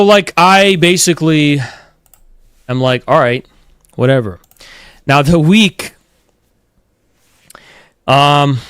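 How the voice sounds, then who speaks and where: A man streams while telling a long story in a blunt, foul-mouthed way, mockingly quoting other people. His voice is mid-range and clean-toned, with no echo. It's casual storytelling, heavy on swearing.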